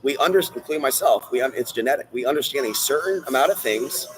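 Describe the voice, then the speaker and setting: A man hosting a solo livestream, rambling in a ranty way and speaking straight to viewers and the chat, swinging from loud bursts to low muttering. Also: expressive, fast talker, music in the background, poor audio. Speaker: livestream host.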